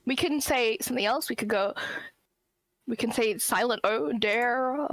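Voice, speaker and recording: A woman's voice: a little high, normal speed, dry recording, low-quality recording. A woman playing in a tabletop game, giggly and playful, tossing in slang. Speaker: player. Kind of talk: casual tabletop game chat.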